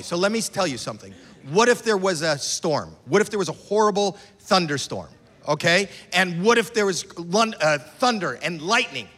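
An older man doing stand-up crowd work at a comedy club, loud and incredulous, shouting at an audience member. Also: sits high. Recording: reverberant club, crowd noise. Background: laughing crowd.

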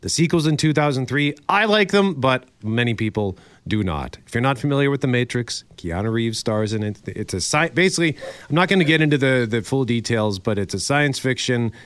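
A man's voice: mid-range voice, lively intonation, a little fast, a bit bright, clear, resonant tone, no echo. A male radio co-host chatting casually and enthusiastically, rambling a little as he geeks out.

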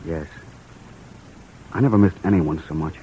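An earnest poor young playwright. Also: male voice, deep voice, normal speed, husky. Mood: warm. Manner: earnest, pleading. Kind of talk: 1940s radio drama acting. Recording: lo-fi old radio broadcast with hiss.

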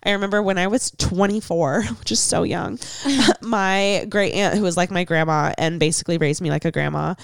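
A young woman chats casually and supportively, agreeing with her friend's advice. Her voice is smooth and clear. The sound is dry and close up. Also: on the low side, normal speed, dry recording.

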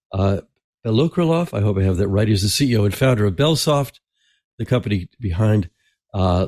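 A man hosting a podcast interview, talking casually with many restarts and throat clearing. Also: fairly low pitch, darkish tone, no echo, clean studio sound. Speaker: podcast host.

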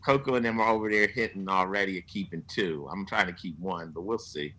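A man's voice: low voice, fairly quick, low-quality recording. A man guesting on an interview, telling stories casually and profanely, acting out what others said. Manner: profane, animated storyteller quoting others. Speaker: guest musician.

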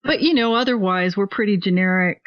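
A woman's voice: medium pitch, fairly quick, highs cut off. A woman from Oregon, a professional singer, chatting animatedly as a guest on a casual podcast. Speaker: guest musician.

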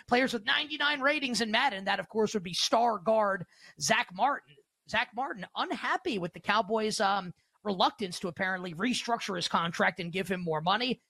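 A man hosting a casual sports betting show, bright and forceful. He is energetic and emphatic and leans on rhetorical questions. The sound is dry and close-miked. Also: high voice, creaky, dry recording. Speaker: host.

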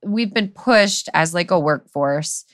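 Smooth-voiced woman in relaxed chat. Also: lowish voice, takes it slowly, no room sound, clean studio sound. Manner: rambling, many restarts and "like, you know". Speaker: podcast co-host. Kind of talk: casual conversational chat.

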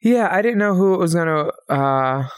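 A man co-hosting a podcast in casual chat, chatty and quick with asides. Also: on the high side, lively intonation, smooth, no echo, studio quality. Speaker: podcast co-host.

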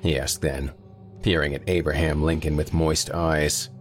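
Brief: male audiobook narrator, rumbling low voice, steady horror reading. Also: unhurried, faint music behind.

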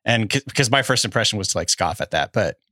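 A man's voice: on the low side, expressive, quick pace, sharp tone, no echo, studio quality. A man co-hosting a podcast, talking casually with a hesitant, hedging manner. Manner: hesitant, hedging, laughs often. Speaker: podcast co-host. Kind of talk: casual sports chat.

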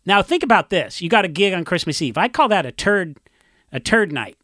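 A man's voice: high-pitched, sing-song, brisk, a bit bright, dry recording, studio quality. A man talking casually as a podcast guest, telling rambling stories with fillers and laughs. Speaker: podcast guest, punk musician. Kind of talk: casual chat.

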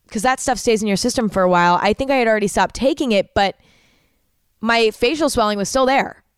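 A woman's voice: medium pitch, smooth, no room sound, clean studio sound. A woman in her twenties, a content creator, telling a personal story to camera in a candid, emotional way with casual swearing.

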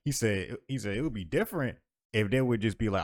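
A man's voice: lowish voice, animated, fast, no room sound, studio quality. A man co-hosting a podcast, laying out a story at length in casual slang. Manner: laid-back, explains news at length in slang. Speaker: podcast co-host. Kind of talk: casual chat.

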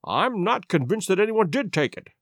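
A man voicing a calm, shrewd male detective who reasons in a measured, cool way. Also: sits high, no room sound, studio quality, heavily acted.

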